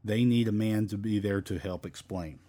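A man's voice: fairly low pitch, moderate pace, mellow. Casual rambling male Bible teacher. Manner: casual, rambling, frequent fillers and restarts. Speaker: Baptist preacher. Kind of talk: Bible study sermon. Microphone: home microphone.

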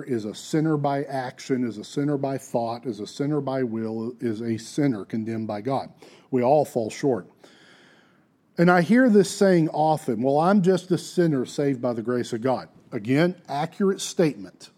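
Warm, earnest preacher man. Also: medium pitch. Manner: earnest, emphatic, with restarts and asides. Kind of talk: sermon.

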